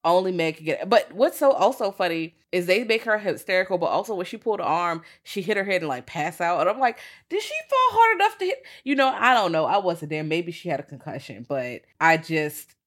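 Lower-pitched woman, profane and animated. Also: fairly quick, hardly any pauses. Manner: profane, animated retelling with mock quotes. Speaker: podcast co-host. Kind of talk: casual chat.

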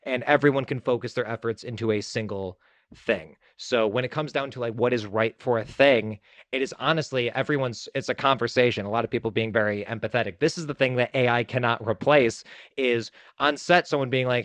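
A man's voice: medium pitch, fairly quick, a bit bright, dry recording. Chatty self-deprecating man, dry sound. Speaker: filmmaker guest. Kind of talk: casual interview talk.

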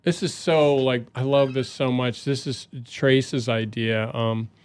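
A man's voice: mid-range voice, steady tone, unhurried, clear, resonant tone, no room sound. A man in casual chat, telling a long story with many fillers and frequent laughs. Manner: rambling, laughs often. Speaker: guest.

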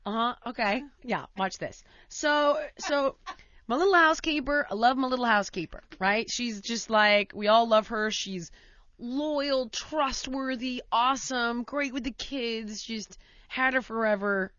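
A woman's voice: a little high, unhurried, a bit bright, no echo, muffled recording. A woman hosting a talk show, telling a story in a casual, rambling way full of "like" and "you know", laughing as she goes.

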